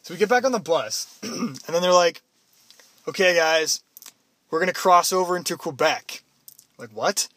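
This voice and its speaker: A man's voice: high voice, moderate pace, long pauses. A young man from Canada casually telling a story to a friend, acting out the people in it. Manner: animated, acts out quotes in loud put-on voices.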